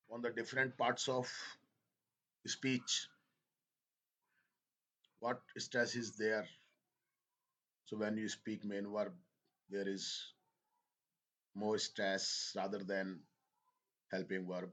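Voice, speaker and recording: A male teacher with a lowish voice speaks to his class. He talks slowly, halts and repeats phrases as he explains. He slips into now and then. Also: level tone, sharp tone. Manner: slow, halting, repeats phrases, switches into Hindi. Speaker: English teacher. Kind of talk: slow spoken lesson.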